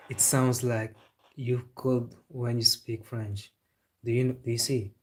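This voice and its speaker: A man's voice: mid-range voice, flat delivery, takes it slowly. A man from Senegal hosting a football live stream. He chats casually, answers viewer comments, jokes and says "bro" a lot. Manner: laid-back, joking, says "bro" often.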